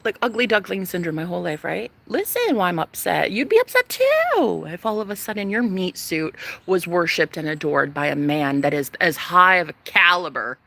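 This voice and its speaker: A woman in her thirties, a vlogger, ranting casually to her viewers, animated and profane, jumping from loud outbursts to whispers. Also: on the low side, moderate pace, vocal fry, few pauses. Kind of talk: casual rant to camera.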